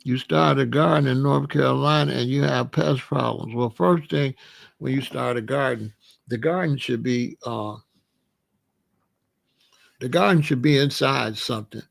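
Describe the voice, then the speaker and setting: A middle-aged man talking casually and giving life advice, animated and conversational, with frequent restarts. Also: mid-range voice, a little slow, creaky. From Chicago area. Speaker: vegan lifestyle host.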